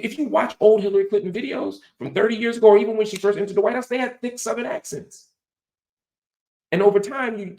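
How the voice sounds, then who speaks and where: A man's voice: high voice, creaky, a little mellow, echoey room. A man hosting a show, giving an emphatic, lecturing political commentary monologue full of rhetorical questions and casual profanity. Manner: frequent "right?" tag questions; profanity-laced colloquial talk. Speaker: host.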